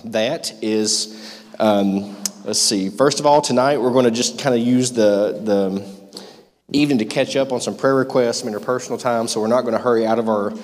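A man with a mid-range voice, speaking at normal speed, runs a youth group meeting in a church room. His announcements are loose and rambling with lots of fillers, followed by a devotional read aloud, and the sound carries long hall reverb.

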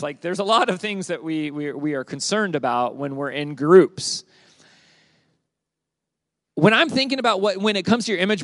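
A man teaching a summer youth group from the Bible, lively and conversational, asking the group questions and repeating their answers. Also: high-pitched, no echo. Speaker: youth pastor.

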